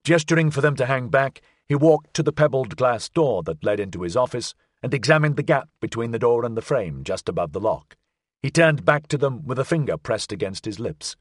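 Expressive male audiobook narrator. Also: medium pitch, fairly quick, no echo, studio quality. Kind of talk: scripted narration.

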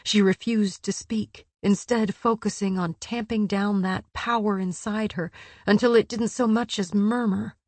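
A woman narrating a story aloud in a measured, steady reading voice. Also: medium pitch, no echo. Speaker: audiobook narrator. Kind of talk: scripted narration.

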